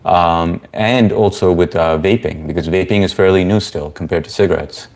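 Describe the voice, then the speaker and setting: A young man hosts a casual livestream Q&A, chatting loosely and reading viewer comments aloud as he answers chat. He speaks at normal speed in a low voice with a darkish tone.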